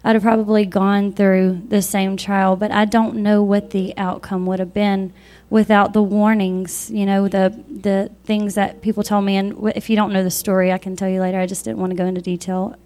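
A woman's voice: medium pitch, level tone, moderate pace, dark tone. Thankful woman speaking from the pulpit. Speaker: church member sharing thanks. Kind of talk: church testimony from the pulpit.

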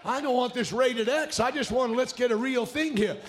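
Male pastor, very high pitch, fiery shouted preaching, live church with faint crowd noise. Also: moderate pace. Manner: fiery, shouting preacher with repeated calls of hallelujah. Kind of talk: shouted revival sermon. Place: church sanctuary.

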